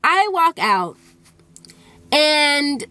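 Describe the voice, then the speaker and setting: A young adult woman telling a personal story in a casual, animated storytime vlog, full of fillers. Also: sits high, very slow, no room sound. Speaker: YouTuber.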